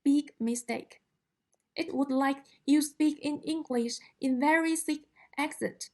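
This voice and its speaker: Woman teacher, native Chinese speaker, high voice, slow deliberate delivery, language lesson. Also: darkish tone. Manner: slow, careful explanation, demonstrating tones aloud.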